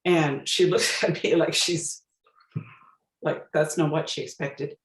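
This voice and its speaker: A woman's voice: low voice, fairly even intonation, slow, reverberant, low-quality recording. A woman giving a storytelling talk as a guest speaker, reflective and searching for her words as she goes.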